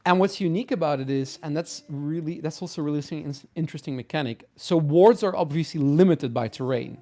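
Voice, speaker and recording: A man with a fairly high voice, talking in a casual podcast chat. He is animated and laughs easily, thinking out loud as he goes. Faint music plays underneath. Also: fairly quick. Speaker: podcast co-host. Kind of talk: casual game design chat.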